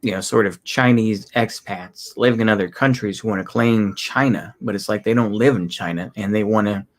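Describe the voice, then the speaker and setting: A man in his thirties with a Texas accent talks to his live chat casually, meandering and faltering with repeated restarts. His voice is on the lowish side.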